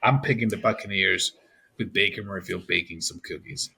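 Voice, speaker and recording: A man's voice: low-pitched, normal speed, gravelly, sharp tone, slight background noise. A man co-hosting a casual sports podcast, ranting and swearing as he makes his picks. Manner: profane, ranting. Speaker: podcast co-host.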